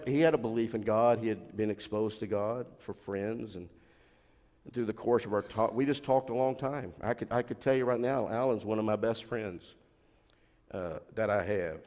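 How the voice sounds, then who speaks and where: A man's voice: on the low side, darkish tone. A middle-aged man, a pastor, preaching from the front of a church and rambling through family stories with repeats, restarts and laughs. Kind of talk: anecdotal sermon. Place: church sanctuary. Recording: long church reverb.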